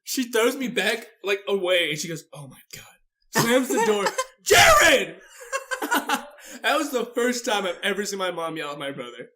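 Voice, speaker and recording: A young man in a casual podcast chat tells a story with animated flair, acting out the voices in it. His pitch swoops widely as he talks. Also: fairly quick, few pauses. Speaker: podcast co-host.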